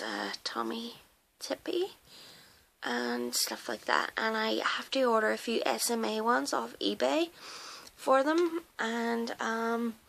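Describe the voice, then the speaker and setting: Slow, gravelly-voiced woman, hoarse. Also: a little high, slight background noise, poor audio. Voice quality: hesitant, many fillers. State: losing her voice. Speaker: reborn doll collector. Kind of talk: casual show-and-tell video. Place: home nursery room.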